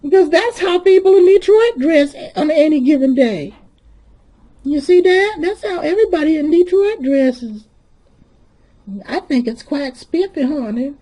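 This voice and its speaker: A very high, shrill-voiced sassy church lady, as a man puts her on. She drawls with sugary sarcasm, calling everyone honey. A comedic character monologue. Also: expressive, measured pace, warm tone. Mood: mock admiring. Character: sassy sharp-tongued churchgoing woman.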